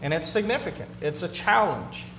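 A man's voice: fairly high pitch, animated, normal speed. Male pastor, plain-spoken and earnest, repeats himself as he preaches; echoey sanctuary sound. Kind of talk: conversational sermon. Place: church sanctuary with a congregation. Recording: roomy hall sound with faint hum.

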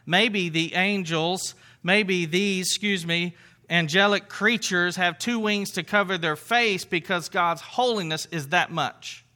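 A man's voice: high-pitched, takes it slowly, bright, forceful tone. A man preaching a sermon to his congregation, conversational, with rhetorical questions and asides. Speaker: pastor.

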